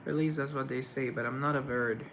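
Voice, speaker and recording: A man's voice: medium pitch, fairly even intonation, brisk, fairly bright tone, a little hiss or hum, low-quality recording. A young man hosting a casual livestream, rambling and self-deprecating as he reads and answers viewers' comments. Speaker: livestream host.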